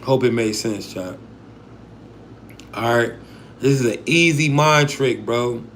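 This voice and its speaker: A man's voice: mid-range voice, takes it slowly, fairly bright tone, a little hiss or hum. A man giving a casual, profane livestream talk on a mindset program, often checking in with "right?" and "bro".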